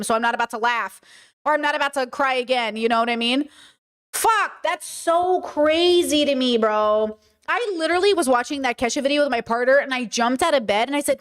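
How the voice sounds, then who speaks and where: A woman's voice: high-pitched, animated, fairly quick, a bit bright. A young woman streaming, reacting to a music video in casual, incredulous chat full of laughs and sarcastic asides.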